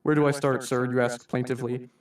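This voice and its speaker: A man's voice: mid-range voice, little pitch movement, fast talker, close to an everyday voice. A man voicing a theatrical masked anarchist who reads a formal, mock-polite monologue addressing humanity as his staff, recorded in a roomy room from a distant mic.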